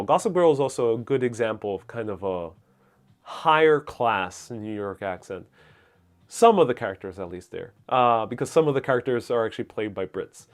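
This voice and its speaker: A young man from the United States hosts a live-stream Q&A on a lapel mic, reading viewer comments aloud and answering them casually. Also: fairly low pitch. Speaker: host. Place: out on city streets during a live stream. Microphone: wireless lapel mic.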